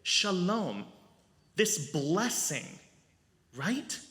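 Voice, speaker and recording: A male rabbi giving a storytelling sermon at a family service, animated and asking the audience questions. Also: high voice, extremely slow. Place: synagogue sanctuary. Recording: long reverb in a large hall.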